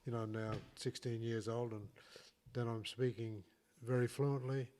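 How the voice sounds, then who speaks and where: A man hosts a relaxed talk show and drifts into reflective stories. He often breaks off and restarts his sentences as he talks. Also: mid-range voice, normal speed. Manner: reflective, rambling, with frequent restarts. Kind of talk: casual storytelling conversation.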